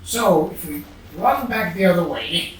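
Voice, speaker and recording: Talking loosely over their gameplay, this let's play gamer muses aloud, mutters to themself and occasionally hums. Their mid-range voice is expressive, unhurried and fairly bright. The mic is distant and off-mic in a very echoey room, with a faint hiss.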